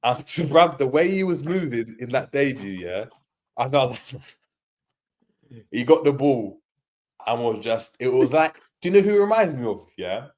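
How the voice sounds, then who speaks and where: A young man co-hosting a casual football chat, slangy and animated, often acting out players' voices. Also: medium pitch, unhurried. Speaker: football podcast co-host.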